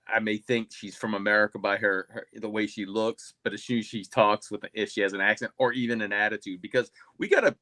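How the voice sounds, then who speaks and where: A man's voice: fairly low pitch, pushed and bright, no room sound. A man on a casual discussion panel, hesitant at first and full of restarts, then making his argument firmly. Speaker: panel guest.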